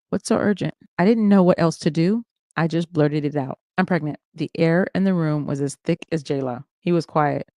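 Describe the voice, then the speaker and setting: Livestream book reader; mellow, dry close mic, first-person memoir narration. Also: mid-range voice, gravelly, no room sound. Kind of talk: reading a memoir aloud.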